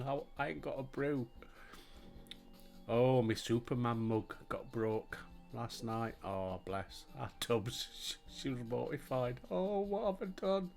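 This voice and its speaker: Gravelly older Yorkshireman telling yarns. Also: medium pitch. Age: 60s. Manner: chatty, laughs often, rambling anecdotes. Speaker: gaming video host. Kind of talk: casual chat and storytelling while playing.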